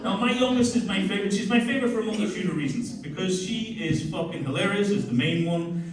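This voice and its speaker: A man's voice: high-pitched, quick pace, very echoey, far from the mic, crowd noise, low-quality recording. A man in his forties with a Northern Irish accent, telling crude family stories in a stand-up comedy set. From Northern Ireland. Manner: crude, storytelling, animated. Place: comedy club stage.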